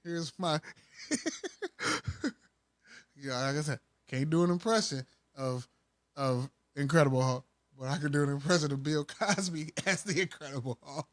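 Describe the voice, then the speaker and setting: High-voiced joking young man. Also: normal speed, pauses often. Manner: loose, joking, laughs a lot, profane. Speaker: podcast co-host. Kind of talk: casual chat.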